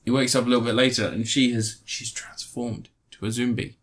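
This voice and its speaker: A film reviewer rambles sarcastically while recapping a movie in casual chat. His voice is mid-range with little pitch movement, and he fills his talk with fillers and quick mock voices.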